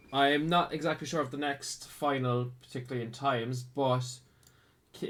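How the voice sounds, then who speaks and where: A man hosting an esports final, wrapping up in a relaxed, friendly way with halting restarts. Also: medium pitch. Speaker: esports caster and host. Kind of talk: casual post-match commentary.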